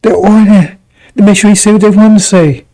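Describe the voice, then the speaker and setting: Male religious broadcaster, warm tone, pitched a bit high, heated and mocking delivery. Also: fairly even intonation, a little fast, rough recording. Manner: scornful, rambling, laughs mockingly. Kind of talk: heated scripture commentary.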